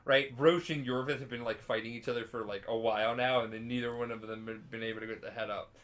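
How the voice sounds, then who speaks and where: Tipsy male podcast co-host, bright tone, rambling storyteller who swears freely. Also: mid-range voice, fairly even intonation, fast talker. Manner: rambling, swears a lot, acts out characters in loud voices. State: drunk. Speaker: podcast co-host explaining a video game. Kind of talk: casual drunk storytelling.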